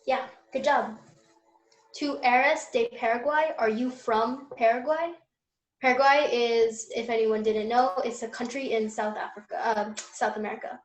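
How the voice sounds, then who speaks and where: A woman's voice: fairly high pitch, steady tone, normal speed, echoey room, low-quality recording. Patient young woman teaching Spanish. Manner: patient, explains step by step with fillers. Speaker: Spanish tutor. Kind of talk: online class teaching.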